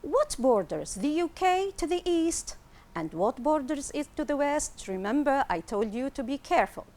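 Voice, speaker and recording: A woman teaching an English lesson on television, explaining slowly and clearly and repeating words for pronunciation. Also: high-pitched, very animated, darkish tone. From Tunisia.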